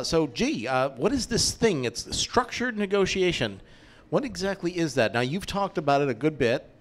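A man poses a long, winding question at a meetup Q&A, stopping and restarting with plenty of fillers. His voice sits at an ordinary middle pitch for a man. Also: a little hiss or hum. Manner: rambling, halting, many fillers. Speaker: lawyer asking questions. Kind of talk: Q&A moderator question.

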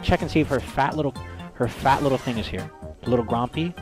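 A young man streaming a video game, loud and profane, trash-talking and yelling at his teammate. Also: mid-range voice, fast talker, music in the background. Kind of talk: casual gaming stream chat.

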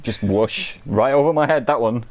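A man's voice: medium pitch, normal speed. A man co-hosting a live stream, trading dry, teasing banter and swearing freely. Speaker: streamer co-host. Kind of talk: casual live-stream chat.

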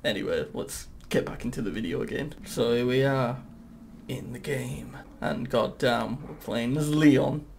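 Excitable swearing gamer, gravelly. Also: male voice, mid-range voice, unhurried, slight background noise. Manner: excitable, swears often, talks to the game. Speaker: gaming YouTuber. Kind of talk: casual gameplay commentary.

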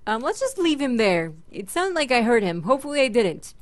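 A woman's voice: on the high side, big pitch swings, fairly quick, no room sound. A young woman chatting her way through a Minecraft let's play, talking to mobs and her pet and squealing when startled. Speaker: gaming channel host.

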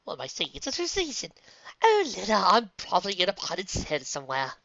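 A woman voicing a nervous, prim female pony in a fan audiobook reading, high-strung and fussy. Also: huge pitch swings, fairly quick, vocal fry, a bit bright, no echo, muffled recording, exaggerated voice. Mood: panicky.

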